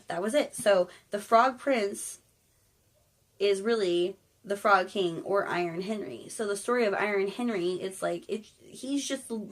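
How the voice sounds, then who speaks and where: A woman casually retelling an old fairy tale in slangy, irreverent talk that includes swearing. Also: medium pitch. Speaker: storyteller.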